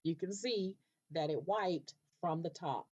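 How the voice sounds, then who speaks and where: A woman with a notably low voice talks through a software tutorial, patient and methodical, pausing to check in with listeners. The recording sounds dull and lo-fi, like a basic desktop mic. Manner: patient step-by-step explaining, frequent "okay" checks. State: coughing now and then.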